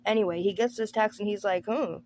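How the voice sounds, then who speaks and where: A woman's voice: medium pitch, fairly even intonation, fast talker, darkish tone, a little hiss or hum. A woman hosting a movie review channel, giving a casual, sarcastic recap of a film. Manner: sarcastic, breezy, acts out characters' lines.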